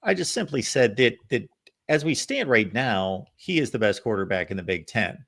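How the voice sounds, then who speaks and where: A man hosting a sports talk show, giving steady, assured analysis. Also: medium pitch, normal speed, vocal fry. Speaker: show host.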